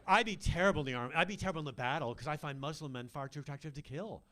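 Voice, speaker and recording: A man's voice: rapid-fire, pushed and bright. An older man performing a camp, teasing stand-up comedy set on a club stage into a handheld mic. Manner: camp, teasing, swoops between mock-deep and high voices.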